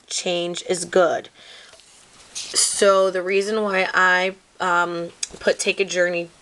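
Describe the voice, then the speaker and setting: Lowish, a bit bright, clear and resonant, this woman's voice guides viewers through a scrapbooking craft. A craft video maker, she wanders in her talk with many "like"s and "um"s and apologizes when the filming goes awry.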